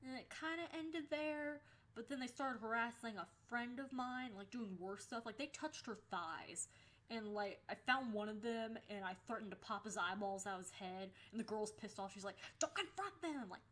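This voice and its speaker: A young adult woman talking casually in a storytime vlog. She is animated, swears freely and acts out the lines people said. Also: a little high, normal speed. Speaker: vlogger.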